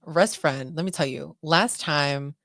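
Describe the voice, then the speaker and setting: A woman co-hosting a casual podcast, telling stories with lots of excitement and acting out quoted voices. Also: low voice, a little slow, no room sound, studio quality. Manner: excitable storyteller, acts out quotes. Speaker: podcast co-host. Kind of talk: casual chat.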